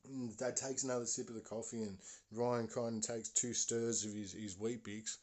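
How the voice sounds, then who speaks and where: A man's voice: medium pitch, fairly even intonation, moderate pace, darkish tone. A man telling a spooky story as a podcast host, casual and rambling with many fillers and restarts.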